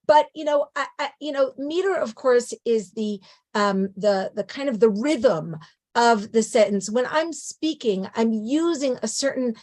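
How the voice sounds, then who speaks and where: A woman's voice: a little high, a little slow, darkish tone. A middle-aged native English-speaking woman giving a conversational lecture, often checking in with a rhetorical "right?". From English-speaking country. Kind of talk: lecture on biblical poetry.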